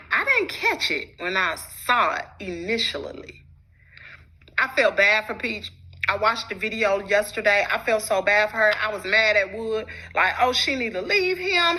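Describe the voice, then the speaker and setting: A woman vlogger with a husky voice, retelling events and addressing viewers directly. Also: medium pitch, bright, forceful tone, rough recording. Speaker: commentary vlogger. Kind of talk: casual storytelling commentary.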